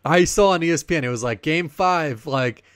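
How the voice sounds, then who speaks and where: A man co-hosting a sports podcast in casual chat, rambling and animated, laughing often. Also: on the high side, moderate pace, no echo, studio quality. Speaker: podcast co-host.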